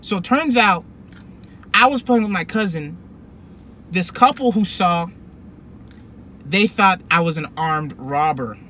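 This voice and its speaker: A young man telling a personal story to camera in a rambling, animated way, full of fillers and restarts. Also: sits high, a little slow, pauses often, a little hiss or hum. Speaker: vlogger. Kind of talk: casual storytelling.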